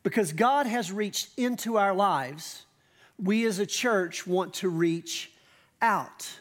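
High-voiced pastor preaching casually. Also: male voice. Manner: conversational preaching with asides and emphatic slowdowns. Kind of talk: sermon. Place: church stage.

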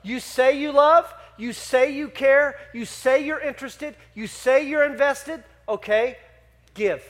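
A male pastor preaching a sermon, animated and asking the congregation questions. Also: extremely high pitch, slow.

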